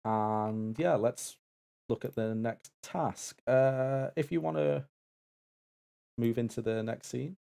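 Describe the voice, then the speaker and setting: A man's voice: mid-range voice, slow, creaky, dark tone, clear, resonant tone. A man co-hosting a charity live stream in casual banter, easygoing and often restarting his words. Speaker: co-host and assistant of a stream event.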